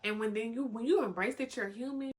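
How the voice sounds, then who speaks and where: A young woman hosting a podcast, giving animated motivational talk full of slang, cussing and laughter. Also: a little high, fairly quick. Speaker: podcast host. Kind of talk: motivational casual talk to listeners.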